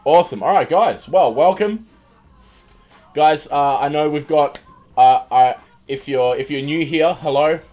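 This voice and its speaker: A man's voice: fairly high pitch, a little slow, warm tone. An Australian man hosting a livestream, chatting casually and joking as he greets viewers by name at his computer. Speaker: livestream host. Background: music playing.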